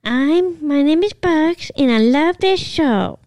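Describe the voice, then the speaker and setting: A woman voicing the hosts' pet dog in a shy, hesitant, soft-spoken way. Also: sits high, expressive, takes it slowly, dry recording, voice pushed up.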